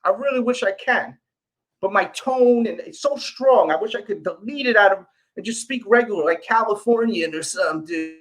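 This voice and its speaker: A man's voice: high voice, moderate pace, poor audio. Blunt man with a New York accent. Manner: blunt, forceful, argumentative tone. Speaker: livestream host. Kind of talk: casual livestream chat.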